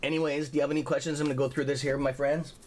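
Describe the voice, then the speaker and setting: A man's voice: a little high, little pitch movement, very fast, slight background noise. A man hosting a livestream, telling rambling stories with a lot of profanity. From Canada. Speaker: livestream host. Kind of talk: casual livestream chat.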